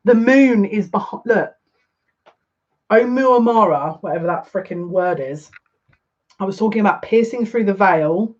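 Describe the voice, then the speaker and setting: A woman giving a live card reading as a psychic, gushing and excitable, easily overwhelmed with emotion. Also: mid-range voice, unhurried, pauses often, lo-fi sound.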